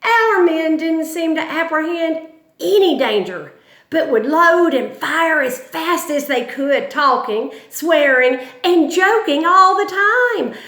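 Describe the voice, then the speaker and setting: A woman reading the words of a frontier militiaman, emphatic and excited. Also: very high voice, slow pace, reverberant, voice pushed up, exaggerated voice. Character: boisterous frontier militiaman recalling battle.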